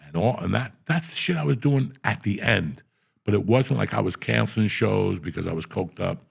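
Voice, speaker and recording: A man's voice: lowish voice, animated, moderate pace, vocal fry, slightly rough. A man guest telling profane, blunt stories in a casual interview. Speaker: guest comedian.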